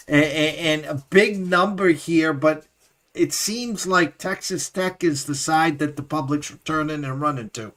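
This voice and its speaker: A man hosting a sports betting show, talking in a halting way with many fillers and stammered restarts. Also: fairly high pitch, fairly bright tone. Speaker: host. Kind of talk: casual sports betting talk.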